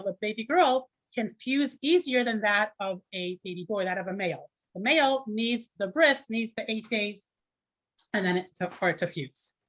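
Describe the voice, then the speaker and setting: A woman's voice: medium pitch, fairly bright tone. A woman teaching an informal class, chatty and conversational, with many fillers and restarts.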